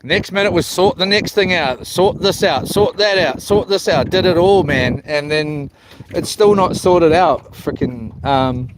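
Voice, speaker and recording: A man's voice: a little high, a little slow. A New man live streaming from a small houseboat, chatting in a laid-back, rambling way, greeting viewers by name and swearing casually. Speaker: livestreaming fisherman. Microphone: phone. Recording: noisy outdoor phone live stream.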